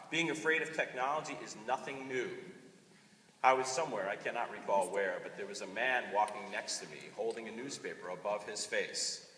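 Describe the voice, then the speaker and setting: A man in his forties presents at a conference, joking with the crowd and calling on listeners. His voice is bright and lively, rising and falling freely. It is caught from a distance in a big, reverberant hall with faint room ambience. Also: medium pitch, slight background noise. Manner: animated, jokey, engages the audience. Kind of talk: conference talk.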